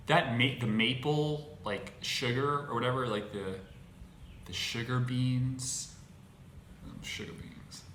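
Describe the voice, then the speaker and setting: Halting man with a bright voice. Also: medium pitch. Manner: halting, restarts phrases, exasperated. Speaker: podcast host. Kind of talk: casual monologue. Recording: echoey room with faint noise.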